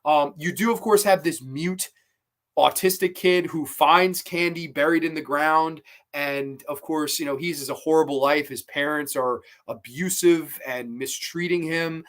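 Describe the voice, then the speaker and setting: A man hosting a horror movie review show, chatting casually, swearing freely and retelling scenes with excitement. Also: on the high side, unhurried.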